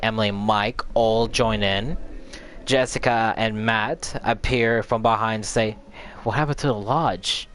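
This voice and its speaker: Rambling low-voiced man recapping a game. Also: fairly bright tone. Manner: rambling, repeats filler words while recalling. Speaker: gaming channel host. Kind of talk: casual game story recap.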